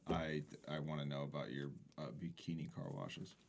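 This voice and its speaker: A man's voice: rumbling low, steady tone, moderate pace, darkish tone. A young man co-hosting a podcast, laid-back and joking in crude banter. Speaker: podcast co-host.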